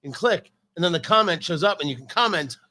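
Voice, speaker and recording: Host, male; high, bright voice; emphatic, stammering opinions in a loose chat. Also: animated, fast. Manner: opinionated, emphatic, stumbling restarts. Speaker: podcast host. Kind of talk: casual chat about football.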